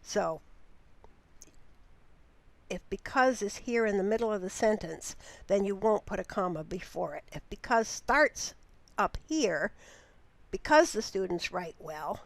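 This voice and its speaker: A woman instructor explaining grammar in a recorded lecture, patient and deliberate, with occasional restarts. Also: mid-range voice, no echo. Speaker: writing instructor.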